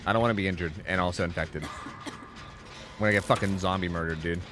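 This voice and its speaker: A young man streaming gameplay, swearing a lot and swinging between shocked yells and low mumbled asides. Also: fairly even intonation, fairly quick. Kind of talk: live gameplay commentary. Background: game music.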